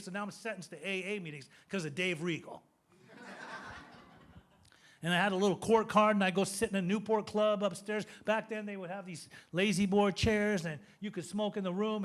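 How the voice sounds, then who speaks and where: A man in his fifties giving a recovery testimony, telling his story in an animated, joking way. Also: high voice, a little fast. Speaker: recovery speaker.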